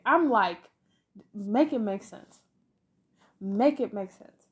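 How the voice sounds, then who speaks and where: A woman co-hosting a podcast, chatting casually about a movie, animated and exasperated as she rants. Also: fairly high pitch, takes it slowly. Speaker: podcast co-host. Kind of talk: casual movie review chat.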